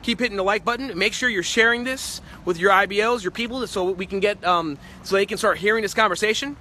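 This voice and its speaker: A man giving a motivational sales-training talk, emphatic and forceful, sometimes acting out his clients' voices. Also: high-pitched, a little hiss or hum.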